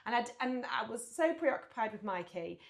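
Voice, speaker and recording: A woman's voice: a little high, normal speed, gravelly, roomy sound. A woman, co-hosting a casual podcast chat and telling stories animatedly, acting out what people said. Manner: animated storyteller, acts out quotes, laughs often. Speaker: podcast co-host.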